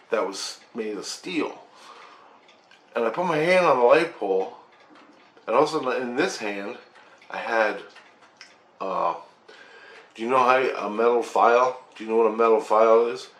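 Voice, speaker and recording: A man telling a personal spiritual story in a rambling, excited way, swearing often and restarting his sentences. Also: medium pitch, roomy sound. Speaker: vlogger recounting a spiritual experience.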